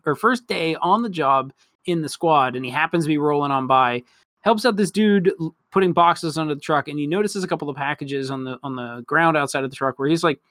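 A man's voice: a little high, a bit bright, dry recording, studio quality. A man casually recapping an anime episode as a podcast co-host, rambling and swearing freely. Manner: rambling, profane, quick laughs.

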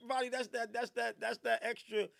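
A man hosting a radio podcast, riffing in casual, profane, animated banter. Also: very high-pitched, moderate pace, creaky. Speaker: radio show host. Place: radio studio.

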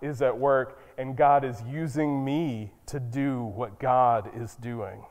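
A man's voice: medium pitch, fairly even intonation, takes it slowly, darkish tone, voice pushed down. A man voicing a humble young woman who firmly believes, in his own voice and with an earnest, emphatic delivery. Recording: long church reverb.

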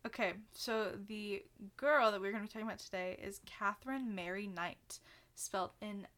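A woman hosting a laid-back true-crime podcast, telling the story in a casual way with quick asides and easy laughs. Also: medium pitch, a bit bright. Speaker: podcast host.

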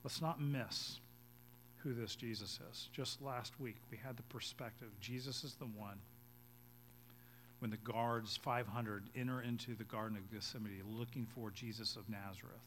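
A male pastor preaching a sermon, reading scripture aloud and explaining it, his voice swelling to loud emphatic peaks and then dropping low and quiet. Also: fairly even intonation, moderate pace, slight background noise.

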